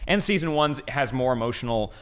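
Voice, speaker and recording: A man co-hosting a relaxed pop-culture talk show. He rambles enthusiastically, piling up fillers and restarts as he goes. His voice sits at an ordinary, mid-range pitch. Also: brisk. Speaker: show co-host. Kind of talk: casual chat.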